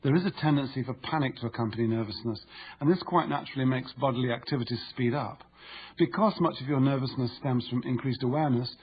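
A man narrating an instructive audiobook in a steady, explanatory way. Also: medium pitch, dull audio, a little hiss or hum.

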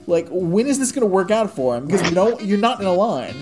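Podcast co-host, male, higher-pitched, ranting and swearing through an anecdote. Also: big pitch swings, quick pace, a little mellow, soft background music. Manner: profane, exasperated ranting storyteller. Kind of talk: casual storytelling chat.

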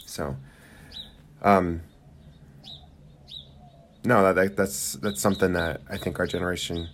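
Young man, very low voice, casual rambling co-host, faint background hiss. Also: steady tone, unhurried. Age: young adult. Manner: rambling, hesitant with many fillers. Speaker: podcast co-host. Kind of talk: casual chat. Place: home room with squeaky chairs.

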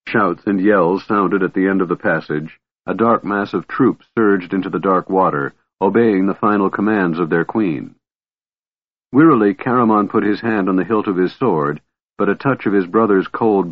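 Deep and husky, a male voice narrates a fantasy tale with measured drama. The audio is dry and thin, giving it a tinny, phone-line quality.

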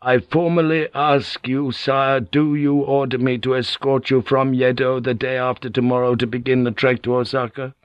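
A man's voice: medium pitch, little pitch movement, normal speed, hardly any pauses, smooth, no room sound, dull audio, voice pushed up, close to an everyday voice. A man voicing a loyal, blunt old samurai general in an audiobook, eager and deferential. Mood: earnest. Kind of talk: audiobook character voice.

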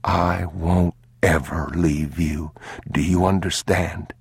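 A man voicing an exhausted, protective father in a storybook, in whispered role-play, urgent and very slow. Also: rumbling low, steady tone, husky, no room sound, heavily acted.

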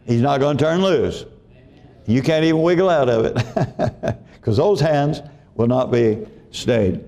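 A pastor with a warm, medium-pitched voice delivers a folksy sermon at a slightly slow pace. He repeats phrases often and keeps asking the congregation whether they follow him.

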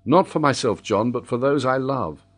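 A man's voice: medium pitch, normal speed, breathy edge, lightly acted. A man voicing a grieving, anxious nobleman in an audiobook, speaking tensely and brooding. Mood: despairing.

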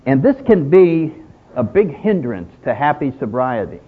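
A man's voice: mid-range voice, big pitch swings, normal speed, breathy edge. A man speaking at a recovery meeting in a conversational storytelling way. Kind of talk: personal talk with told jokes. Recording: tinny phone-like sound.

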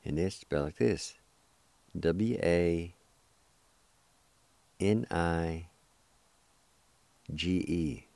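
A deep, mellow-voiced man teaches words slowly, breaking each into syllables and repeating them patiently. He sounds reassuring and unhurried. The sound is dry and close, like a small studio. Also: vocal fry, no echo. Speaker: radio host teaching language. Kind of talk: slow word-by-word pronunciation lesson.

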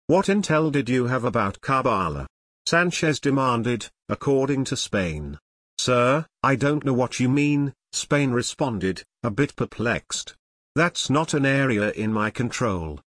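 A man reading nonfiction as an audiobook narrator, in a measured, even manner. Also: medium pitch, dry recording, studio quality.

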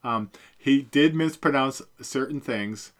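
A man's voice: mid-range voice, slow pace. A middle-aged man co-hosting a podcast, chatting casually about a book, rambling with many fillers and self-corrections. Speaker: podcast co-host. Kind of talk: casual book-review chat.

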